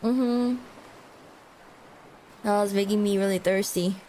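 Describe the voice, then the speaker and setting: A woman streamer in a casual chat livestream, playful and giggly, laughing often and trailing off with drawn-out fillers. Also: medium pitch, fairly even intonation, dark tone, slight background noise. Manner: drawn-out, hesitant with many fillers.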